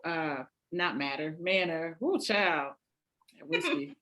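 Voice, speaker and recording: A woman's voice: fairly high pitch, animated, normal speed, a bit bright. A woman hosting a casual chat, laid-back and slangy, laughing easily. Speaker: podcast host.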